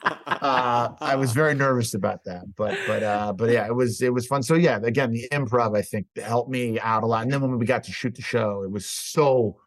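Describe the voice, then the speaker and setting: A man telling stories as a podcast guest, casual and profane, riffing with animated energy. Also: medium pitch, moderate pace, no echo. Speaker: guest actor. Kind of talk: casual podcast chat, storytelling.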